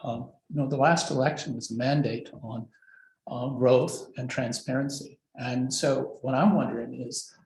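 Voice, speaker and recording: A man giving a measured public comment at a city council hearing, hesitating with many fillers and speaking in formal phrases. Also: medium pitch, fairly even intonation, creaky, darkish tone. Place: council chamber. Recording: echoey meeting room.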